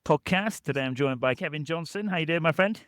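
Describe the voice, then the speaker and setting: A man's voice: on the high side, fast, fairly bright tone, no echo, clean studio sound. Chatty male podcast host. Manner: chatty, friendly, calls guest "my friend". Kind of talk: casual interview hosting.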